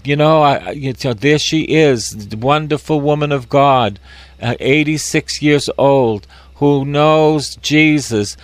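A man's voice: mid-range voice, no room sound. An older man, a priest, giving a folksy, emphatic Bible teaching and repeating key phrases.

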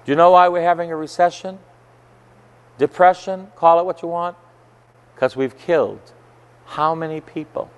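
A male Catholic priest preaching a sermon, telling stories emphatically and rising to forceful outbursts. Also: fairly high pitch, fairly even intonation, normal speed, long pauses, clean tone. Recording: long church hall reverb.

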